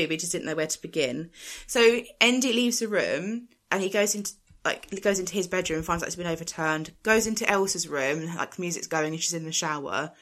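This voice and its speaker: A woman's voice: fairly low pitch, a bit bright. Chatty, giggly woman. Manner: chatty, giggly, exasperated asides. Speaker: podcast co-host recapping a film. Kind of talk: casual chat.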